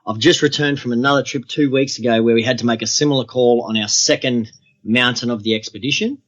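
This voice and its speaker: A man's voice: mid-range voice, fairly even intonation, quick pace, a bit bright. Aussie guy talking mountain trips on a podcast, easygoing, audio a bit dull. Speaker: guest, extreme adventurer. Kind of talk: podcast interview storytelling.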